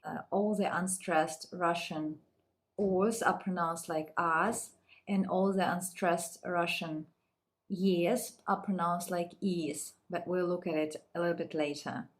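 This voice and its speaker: A woman teaching a beginners' language lesson, reading each word and its translation slowly and repeating it. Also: lowish voice, fairly even intonation. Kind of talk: slow, deliberate lesson reading words aloud.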